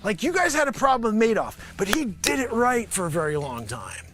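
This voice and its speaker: A man hosting a live improv comedy show, riffing manically and sarcastically as a pitchman, swinging from loud outbursts to mutters. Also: very animated, brisk. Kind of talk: improvised comedy bit, pitching a product to investors.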